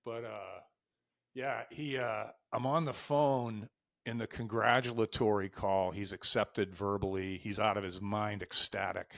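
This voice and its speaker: A man's voice: on the low side, steady tone, unhurried, vocal fry, a bit bright, no room sound, studio quality. A man in his fifties, a coach being interviewed, telling candid and emotional stories and acting out old conversations. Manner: candid, emotional, acts out quoted dialogue. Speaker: life and executive coach, guest. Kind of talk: podcast interview, storytelling.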